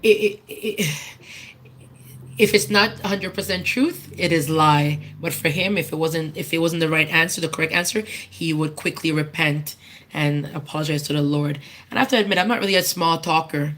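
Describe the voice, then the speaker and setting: Her voice is low-pitched yet fairly bright, moving at a moderate pace, as she delivers an informal testimony honoring someone at church. Earnest and candid, she gropes for words, restarting and repeating often.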